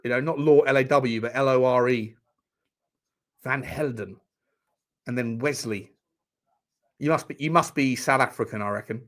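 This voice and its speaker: A man hosts a casual football watchalong stream, rambling and joking with frequent stammering restarts. His mid-range voice has a fairly bright tone, and he speaks at normal speed with long pauses.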